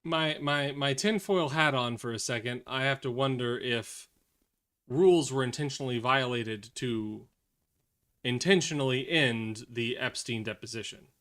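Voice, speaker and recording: A man talks through the day's headlines on a live stream, cursing as his temper flares. His voice is bright and edged, and it drops into low, tired mumbles between the outbursts. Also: unhurried. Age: adult, has children. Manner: profane, swings from angry rants to weary mutters. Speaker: streamer reacting to news. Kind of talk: casual live commentary.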